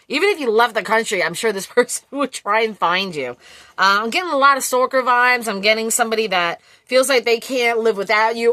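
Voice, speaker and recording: A woman giving a casual collective tarot reading, blunt and quick to swear, laughing often. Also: medium pitch, bright, forceful tone, no echo. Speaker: tarot reader.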